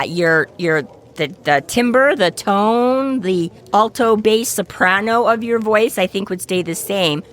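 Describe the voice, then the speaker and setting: Lowish-voiced woman rambling through a book chat. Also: a bit bright. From Canada. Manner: rambling, many restarts and fillers. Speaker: podcast co-host. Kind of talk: casual book discussion.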